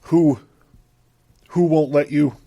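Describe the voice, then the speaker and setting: A man's voice: on the high side, fairly even intonation, slow, vocal fry, dark tone, highs cut off. A man reading a book aloud on his podcast, acting out the quoted characters and then breaking off to comment casually. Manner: voices the characters' quoted lines, breaks off to joke and laugh. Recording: equipment sound problems.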